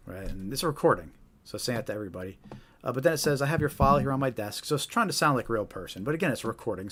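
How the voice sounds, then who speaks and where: A man hosting a live stream, explaining things casually and often asking "right?". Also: lowish voice. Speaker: host.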